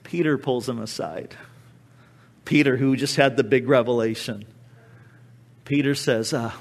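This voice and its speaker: A man preaching a sermon, acting out quoted speech with sudden drops and swells in loudness. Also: mid-range voice, steady tone, a little slow, pauses often. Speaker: pastor.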